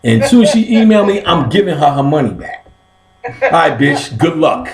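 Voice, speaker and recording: Host, man: profane and loud, laughs a lot, pitch jumps all over between yelps and mumbles. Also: normal speed, a crowd in the background. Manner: loud, laughing, swings between high excited yelps and low mutters; swears constantly. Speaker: host of an occult class stream. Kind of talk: casual profane chat.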